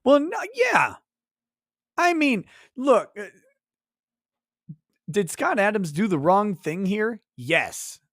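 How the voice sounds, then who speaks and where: A man's voice: high voice, sing-song, takes it slowly, creaky, long pauses, fairly bright tone, no echo, clean studio sound. A man hosting a live stream, reading chat aloud and going on profane mock rants. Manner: profane, mock-ranting at chatters. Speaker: livestream host.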